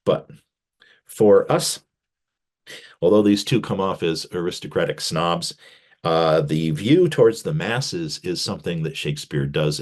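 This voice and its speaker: A male professor giving a casual literature lecture, animated, with wry joking asides. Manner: animated, pitch jumping on emphasis.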